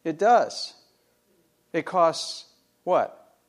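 A middle-aged pastor preaching to his congregation, his voice a touch higher than most men's. He leans hard on rhetorical questions and answers them himself with rising emphasis. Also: sing-song, drawn-out words. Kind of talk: sermon.

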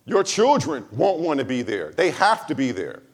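A male pastor delivering a sermon in a high, very lively voice. He leans hard on key words, then drops low and quiet for asides. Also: moderate pace. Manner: emphatic, swings between loud high stresses and low quiet asides.

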